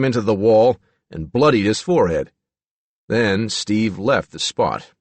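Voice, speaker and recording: Expressive low-voiced male narrator. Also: measured pace, no echo. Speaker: audiobook narrator. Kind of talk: audiobook narration.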